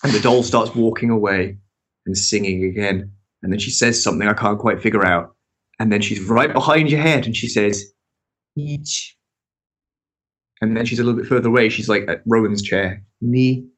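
Animated man telling a story. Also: fairly low pitch, a little fast. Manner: animated storytelling, swears, laughs often. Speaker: podcast regular telling a story. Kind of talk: casual chat.

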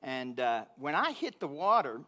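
Preaching to his congregation at a moderate pace, a man tells a personal story with animation, his voice rising loud and high whenever he gets excited. It's sermon storytelling.

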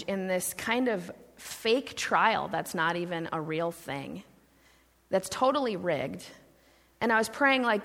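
A woman's voice: mid-range voice, fairly bright tone. A woman pastor giving a candid, conversational sermon, with frequent fillers like "like" and "uh". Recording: long hall reverb.

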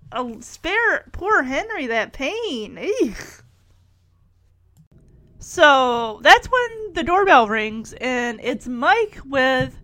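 Chatty middle-aged woman host, animated delivery, dry close mic. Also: sits high, no room sound. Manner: chatty, rambling, frequent laughs. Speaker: show recapper. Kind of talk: casual episode recap.

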